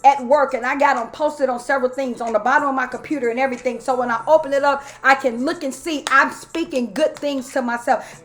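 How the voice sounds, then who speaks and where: A woman's voice: high voice, steady tone, fairly quick, hardly any pauses, a bit bright. A middle-aged woman pastor talking straight to her viewers in a folksy way, often saying y'all, and building into a rhythmic preaching cadence. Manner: folksy, talks straight to listeners with repeated y'all. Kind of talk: sermon-style live talk to viewers.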